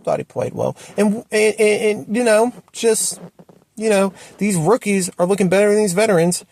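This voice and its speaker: A man's voice: normal speed, creaky. A man ranting at home about his football team, exasperated and repeating himself. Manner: exasperated, repetitive ranting with sharp swings up and down in pitch. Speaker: sports fan commentator. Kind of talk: ranting sports opinion video.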